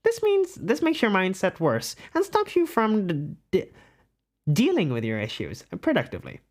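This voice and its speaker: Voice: mid-range voice, huge pitch swings, moderate pace, voice pushed up. A streamer puts on a voice to play a polite, formal guide who reads out quiz results to a passenger in a sing-song way. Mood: chipper formal. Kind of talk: comedic voice reading a quiz result.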